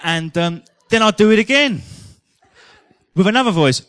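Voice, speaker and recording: A man's voice: sits high, lively intonation, moderate pace, fairly bright tone, no echo, studio quality. A man preaching a sermon in a chatty, humorous storytelling manner.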